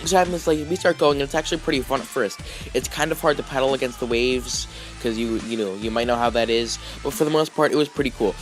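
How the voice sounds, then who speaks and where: In a casual vlog, a man with a medium-pitched voice tells a story at a fast clip while faint music plays behind him. He rambles, filling his speech with fillers, restarts and plenty of "like"s.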